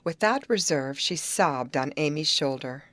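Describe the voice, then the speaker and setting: A woman reading an audiobook aloud in an expressive, animated narration style. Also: low voice, a little slow, dry recording. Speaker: audiobook reader. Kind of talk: scripted narration.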